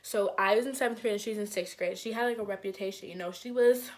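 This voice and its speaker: A young woman telling a storytime vlog in casual chat, acting out quoted lines with big jumps in her voice and lots of "like" fillers. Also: fast. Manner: animated, acts out quotes with big pitch jumps; frequent "like" fillers, conversational. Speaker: vlogger.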